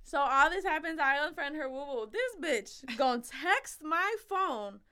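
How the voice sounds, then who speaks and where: A woman's voice: high voice, lively intonation, measured pace, bright, forceful tone. A woman co-hosting a podcast, telling a story in casual chat, blunt and profane, acting out the lines of the people in it. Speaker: podcast co-host.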